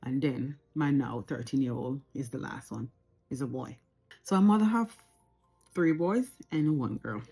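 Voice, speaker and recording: Jamaican woman, forties, mellow and warm tone, unscripted reflective to-camera talk from home. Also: very deep voice, measured pace, husky, soft background music. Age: 40s. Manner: reflective, earnest, repeats phrases for emphasis. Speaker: vlogger.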